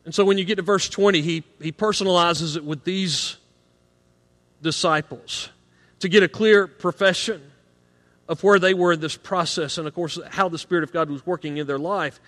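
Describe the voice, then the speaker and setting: Male pastor, fairly high voice, earnest sermon, stresses key lines, echo of a large church hall. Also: fairly even intonation, moderate pace, a bit bright. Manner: earnest, rising in emphasis on key points. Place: church sanctuary. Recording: long hall reverb.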